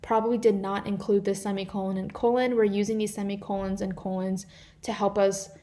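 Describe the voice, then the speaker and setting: A teenage girl volunteers as a tutor in a live online class, walking through grammar examples from slides with a few fillers and restarts. She speaks fairly quickly in a medium-pitched, dark voice with little pitch movement.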